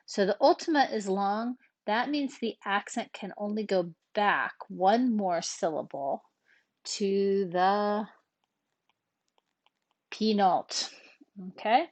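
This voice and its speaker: A woman's voice: mid-range voice, no echo. Woman teacher, patient, methodical, dry close recording. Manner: patient, explains slowly step by step; frequent checking "right?" and "okay". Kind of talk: recorded classroom lesson.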